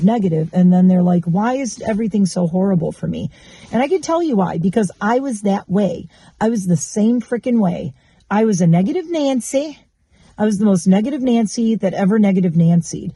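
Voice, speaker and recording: A woman's voice: fairly low pitch, warm tone, no room sound. A woman vlogger in casual chat, talking candidly and bluntly and swearing freely.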